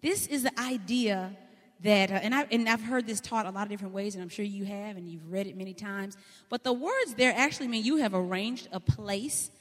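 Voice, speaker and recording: A woman's voice: mid-range voice, brisk. Folksy woman preaching in a hall. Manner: folksy, animated storytelling with laughter. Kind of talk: sermon. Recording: long hall reverb.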